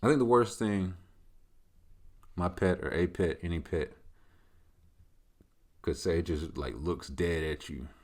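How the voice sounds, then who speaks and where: Loose, rambling man with a low voice. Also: slow pace, pauses often. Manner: loose, rambling, conversational, leaning on filler tags. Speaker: host. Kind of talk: casual solo Q&A chat.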